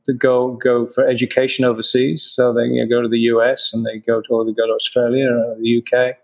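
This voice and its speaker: A man's voice: mid-range voice, rough recording. A man in an interview, a craft brewer answering questions with many restarts and fillers.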